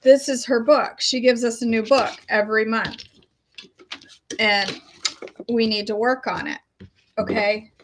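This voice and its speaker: Chatty middle-aged woman, slightly high voice. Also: fairly even intonation, measured pace, pauses often, background noise. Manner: chatty, rambling, self-deprecating. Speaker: health coach vlogger. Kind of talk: casual chat.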